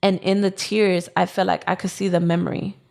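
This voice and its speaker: A young woman with a lowish, gravelly voice tells a personal story on a podcast. She rambles casually and fills her pauses with "um" and "like". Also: little pitch movement, darkish tone. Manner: rambling, full of "um" and "like". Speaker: podcast co-host.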